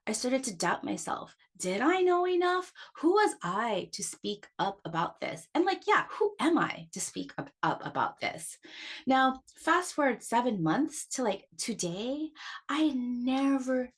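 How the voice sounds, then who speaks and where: A woman's voice: big pitch swings, a little slow. A middle-aged woman talks straight into her podcast as its astrologer host, in a frank, heated monologue. Her voice leaps upward on stressed words, and she often breaks off and restarts a phrase. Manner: impassioned and emphatic, with sharp rises in pitch; frank and cursing, with repeated restarts.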